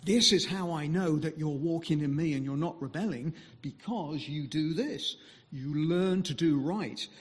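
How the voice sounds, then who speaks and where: A man speaking as a visiting mission speaker, giving a conversational sermon full of pauses and fillers. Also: fairly high pitch, in a large hall. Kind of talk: sermon talk.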